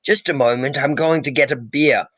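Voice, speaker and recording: A man's voice: medium pitch, normal speed, a bit bright, husky, no echo. A man playing a tabletop role-playing game, speaking in a hesitant, polite way. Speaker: player.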